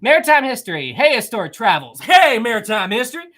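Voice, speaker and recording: A man's voice: extremely high pitch, very animated, quick pace, pushed and bright. A man hosting a casual live stream, reading viewer messages aloud, laughing often and repeating himself.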